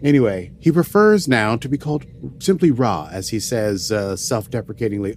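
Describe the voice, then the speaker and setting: A man's voice: fairly low pitch, lively intonation, moderate pace, a little mellow, slight background noise. A man co-hosting a casual podcast and recapping an episode, joking around and slipping in and out of playful put-on voices. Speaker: podcast co-host.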